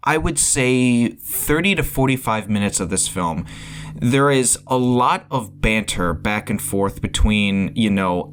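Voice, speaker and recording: A man talks through a casual spoiler review of a film to his viewers. His voice sits at an ordinary middle pitch, and he rambles as he goes, tripping over words, repeating himself and restarting sentences. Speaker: movie reviewer.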